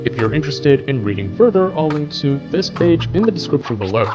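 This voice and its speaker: A man's voice: a little high, very animated, brisk, lo-fi sound. Guy walking through ai news on screen, chatty and plain, faint music behind. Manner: conversational, explains while scrolling a web page. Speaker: tech news host. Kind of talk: casual screen-share news commentary.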